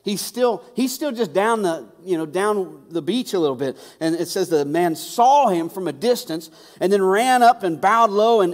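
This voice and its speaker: A man's voice: high voice, lively intonation, normal speed. A male pastor preaching a sermon in a conversational way, often repeating words for emphasis. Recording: long hall reverb.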